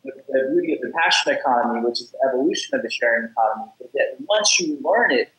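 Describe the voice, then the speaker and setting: A man's voice: medium pitch, fast talker, reverberant, poor audio. A man being interviewed on a podcast, talking energetically and acting out the people in his stories, often repeating words as he goes. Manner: energetic, acts out quoted dialogue, repeats words. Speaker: podcast guest, app founder. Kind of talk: casual interview storytelling.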